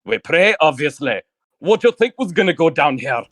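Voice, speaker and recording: A man voicing a gruff, blunt male cleric who says "aye" and "lass". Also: a little high, sing-song, normal speed, fairly bright tone, pitched above the performer's own voice.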